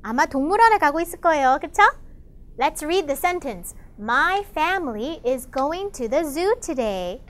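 Brief: woman teacher, enthusiastic storybook reader, bright high voice, fast delivery. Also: lively intonation. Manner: enthusiastic, gasps often, explains in Korean. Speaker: English teacher reading a picture book. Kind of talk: bilingual storybook lesson for children.

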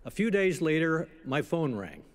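An older man in his eighties delivering a commencement address, telling stories at a measured pace with gentle humor. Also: on the high side, big pitch swings. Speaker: commencement speaker. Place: outdoor ceremony stage.

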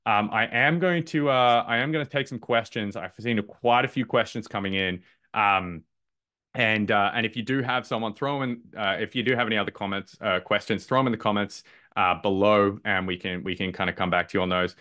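A man runs a live online masterclass in a fairly low voice. He talks loosely and upbeat, stumbling through restarts and ums as he goes. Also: brisk, pushed and bright. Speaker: masterclass presenter. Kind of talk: live webinar presentation.

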